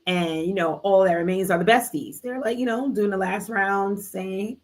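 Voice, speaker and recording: Female livestream host, casual book-chat delivery, lively slangy storytelling with teasing side comments. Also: mid-range voice, moderate pace. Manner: animated, slangy retelling with playful asides.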